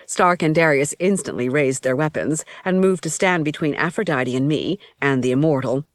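A woman with a low voice reads a first-person novel in an even storytelling manner. The sound is dry and close to the mic. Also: normal speed, no echo. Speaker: audiobook narrator. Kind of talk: first-person audiobook narration.

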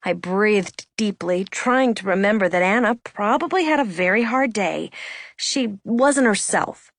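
Woman reading a storybook in first person, lively pitch, very dry sound. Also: a little slow, no echo. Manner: expressive, emotional delivery. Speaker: audiobook narrator.

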